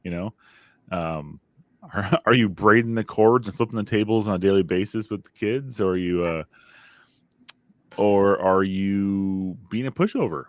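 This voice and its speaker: A man co-hosting a parenting podcast from a faith angle speaks in an earnest, reflective way, often turning to the listener with questions. His voice sits fairly low. The sound is dry and close, with no room echo. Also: a little slow. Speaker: podcast co-host. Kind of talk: casual faith-based parenting chat.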